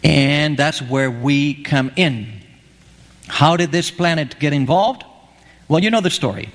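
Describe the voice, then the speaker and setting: A man preaches with a fairly high pitch and a slightly slow delivery, keeping the sermon conversational and regularly putting questions to the congregation. The recording is echoey, like a hall.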